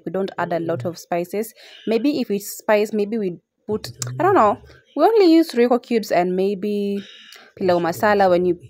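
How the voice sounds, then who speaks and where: A woman's voice: lowish voice, mellow, dry recording, studio quality. A young woman, narrating a casual vlog to her viewers and often repeating her phrases. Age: young adult. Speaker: vlogger.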